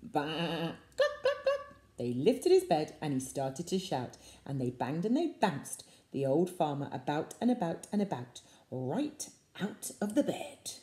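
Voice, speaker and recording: A woman reads a picture book aloud to children, slow and unhurried with a lively, swooping delivery. Her voice is low and mellow, and she drops into soft whispers for asides. The room gives it a noticeable echo. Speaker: storyteller for children. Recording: echoey room.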